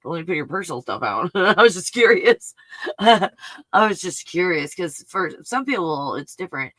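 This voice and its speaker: Bright, effusive woman hosting a live stream. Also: on the low side, big pitch swings, normal speed, no echo. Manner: effusive and emotional, gushing with exclamations. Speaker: host of a spiritual healing live stream. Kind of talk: live-stream talk reading viewer comments.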